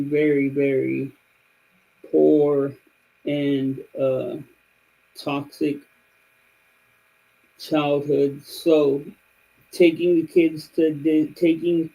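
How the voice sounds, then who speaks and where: A man's voice: a little high, vocal fry, mellow, poor audio. A man in his thirties on a livestream, rambling through a story with lots of fillers and restarts. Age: 30s. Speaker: streamer. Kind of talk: casual chat.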